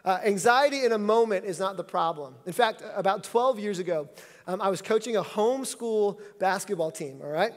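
A man in his thirties delivers a sermon with a notably high voice, joking and telling stories in a loose, conversational way. His words carry through a church hall with a long echo. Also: animated, brisk. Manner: humorous, conversational storytelling. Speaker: pastor.

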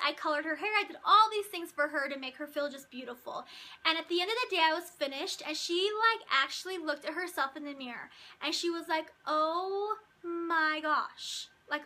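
Gushing high-voiced young woman vlogger. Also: pushed and bright. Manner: gushing, talks in run-on bursts with frequent "like" and "um". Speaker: YouTuber and hairstylist. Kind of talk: casual Q&A vlog.

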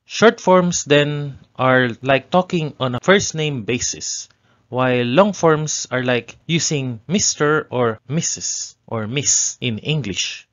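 A man at a middle pitch explains grammar to beginners, step by step. He repeats example phrases slowly and leans on their intonation. The recording is somewhat dull and lo-fi. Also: a bit bright. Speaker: Japanese language tutor.

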